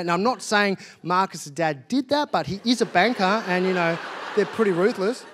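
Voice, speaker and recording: A man, performing wry, animated stand-up storytelling on a theatre stage. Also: high-pitched, normal speed, husky. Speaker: stand-up comedian. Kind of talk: stand-up comedy.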